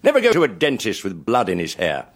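A man's voice: lowish voice, huge pitch swings, fast talker. An older man telling funny anecdotes to a live audience in a genial, chuckling after-dinner style.

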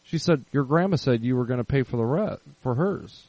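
A man's voice: medium pitch, expressive, a little fast, a little mellow, no echo, low-quality recording. A man co-hosting a casual podcast, telling a long prank story with plenty of swearing. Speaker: podcast co-host.

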